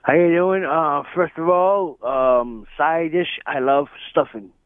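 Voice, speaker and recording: A man's voice: on the high side, takes it slowly, smooth, no echo. Chatty man on a tinny phone line. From Rhode Island. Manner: chatty, rambling. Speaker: caller.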